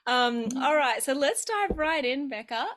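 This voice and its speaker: Female host, upbeat and gushing, slightly high voice. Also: lively intonation, a little slow, a bit bright. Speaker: podcast host. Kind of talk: enthusiastic interview intro.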